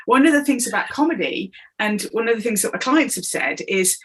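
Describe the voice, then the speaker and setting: Animated woman telling stories. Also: fairly high pitch, brisk, husky, poor audio. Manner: animated storyteller who acts out quoted voices. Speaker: guest, coach and comedian. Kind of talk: conversational interview.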